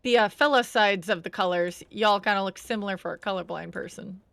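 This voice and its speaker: A woman's voice: mid-range voice, brisk, vocal fry, a bit bright, no room sound. A friendly woman playing a game with friends over voice chat. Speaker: stream guest player. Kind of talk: casual gaming chat. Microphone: headset mic over voice chat.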